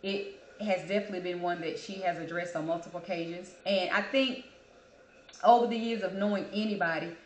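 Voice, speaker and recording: A woman's voice: on the low side, steady tone, brisk, a little hiss or hum. A woman hosting her own show, talking casually and chattily about herself and calling listeners "baby". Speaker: podcast host. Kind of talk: casual personal monologue. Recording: echoey room.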